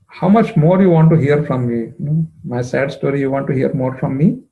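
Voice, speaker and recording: A man's voice: mid-range voice, fairly quick, vocal fry, phone-quality sound, close to an everyday voice. A man voicing a grieving young goddess who pleads with her long-absent beloved, her voice choking with longing. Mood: pleading, anguished.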